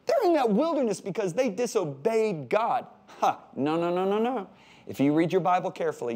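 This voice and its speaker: Animated older American pastor teaching. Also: male voice, fairly high pitch. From United States. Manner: animated, repeats words for emphasis, jokey asides. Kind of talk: sermon-style Bible teaching.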